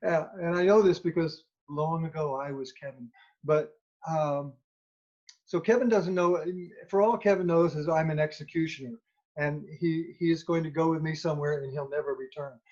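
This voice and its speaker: A man telling an animated anecdote as a children's musician, acting out the dialogue as he goes. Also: on the high side, moderate pace. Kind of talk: storytelling anecdote. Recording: dull lo-fi recording.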